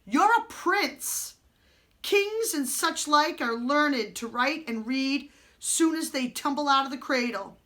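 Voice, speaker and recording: Woman putting on a gruff big outlaw man. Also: sits high, expressive, slow pace, voice pushed up, exaggerated voice. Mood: menacing. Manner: loud rough rustic speech. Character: gruff big male outlaw, boastful and menacing.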